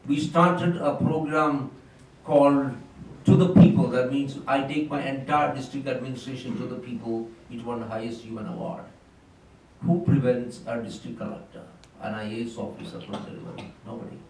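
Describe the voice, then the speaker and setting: A man's voice: mid-range voice, steady tone, normal speed, darkish tone. An older man with an Indian English accent speaks at a round table, telling emphatic stories from his career in government. His voice carries a heavy echo because he is far from the mic in a hall, with a faint noise underneath. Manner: emphatic, anecdotal storytelling. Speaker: panel speaker, former civil servant and politician. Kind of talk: round table discussion remarks. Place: conference hall.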